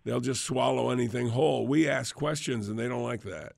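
A man's voice: medium pitch, a little fast, vocal fry, darkish tone, no echo, clean studio sound. A man hosting a call-in talk radio show, chatty and joking, laughing easily.

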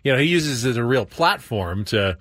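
Relaxed man hosting sports radio. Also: mid-range voice, fairly quick, no echo, studio quality. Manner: easygoing, joking. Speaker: radio show host. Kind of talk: casual sports radio chat. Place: radio studio. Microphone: studio microphone.

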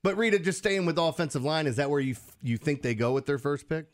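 A man co-hosts a sports talk show with a slightly high voice. He talks loosely and jokes along with the others. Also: animated, fast. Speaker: radio co-host.

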